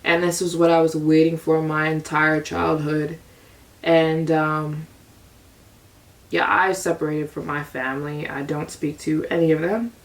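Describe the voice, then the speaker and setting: Deep and flat, somewhat slow, this young adult woman from the US rambles through a confessional vlog story, repeating herself often. She's positioned a bit away from the microphone.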